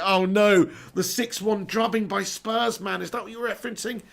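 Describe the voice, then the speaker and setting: A man's voice: high-pitched, fairly even intonation, normal speed, gravelly, hardly any pauses. A man with a sore throat hosting a live football watch-along, reading out and bantering with viewer messages with frequent laughs. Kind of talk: live stream chat reading.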